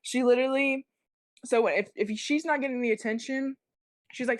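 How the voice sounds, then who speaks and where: A woman in her twenties, a guest on a podcast, telling stories fast in casual, cussing chat. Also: high-pitched, dry recording, clean studio sound. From South Carolina. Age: 20s. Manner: fast, swearing, animated storytelling. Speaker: guest musician.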